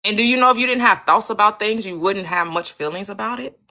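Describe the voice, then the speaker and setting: A woman's voice: mid-range voice, fast talker, bright, forceful tone. A woman host teaching manifestation in an emphatic, preachy way, firing off repeated rhetorical questions on a live stream.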